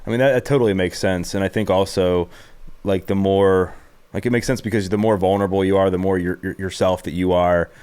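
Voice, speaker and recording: A man's voice: low-pitched, steady tone, brisk, a little mellow, clear, resonant tone. A man hosting a podcast interview, asking long, earnest questions and circling his points with fillers. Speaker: podcast host. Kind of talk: casual interview chat.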